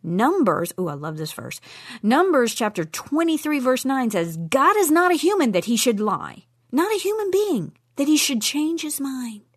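A woman's voice: high-pitched, very animated, moderate pace, husky. A middle-aged woman teaching a Bible lesson in an emphatic way, with playful asides. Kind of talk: teaching talk on Scripture.

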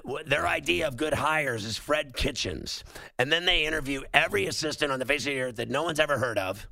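Gravelly ranting sports radio man. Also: medium pitch, bright, forceful tone, dry recording. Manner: ranting, sarcastic, emphatic. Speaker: sports talk show host.

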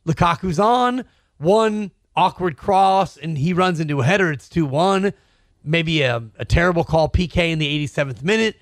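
A man's voice: a little high, animated, normal speed, dry recording, clean studio sound. A middle-aged man co-hosting a podcast, making jokes and wordplay in casual sports talk. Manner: jokey, wordplay-loving. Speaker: podcast co-host.

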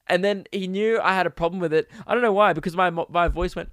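A man's voice: on the high side, brisk, a bit bright, smooth, no echo. A young Australian man hosting a podcast, telling a story as a sarcastic, exasperated comedic rant. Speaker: podcast host.

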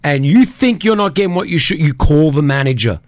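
A man co-hosting a radio show, telling a story in a jokey, emphatic, animated way. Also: a little high, fairly quick, no room sound, clean studio sound. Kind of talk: casual radio banter.

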